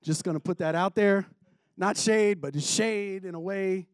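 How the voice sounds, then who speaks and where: A male preacher gives a sermon in a casual manner, breaking off for joking asides. His voice sits high for a man. The recording is dry and close. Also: moderate pace, no echo.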